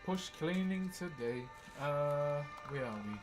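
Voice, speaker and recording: A man's voice: a little high, animated, slow pace, over music, poor audio. Laid-back New Zealand man chatting on stream. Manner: laid-back, greets chat viewers by name. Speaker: livestream host. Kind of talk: casual livestream chat while wood carving.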